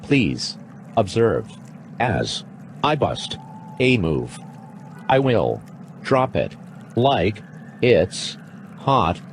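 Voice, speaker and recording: An actor playing a male robot actor who talks in a slow, halting robotic manner. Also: fairly low pitch, sing-song, slight background noise, heavily acted. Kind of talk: audio drama acting.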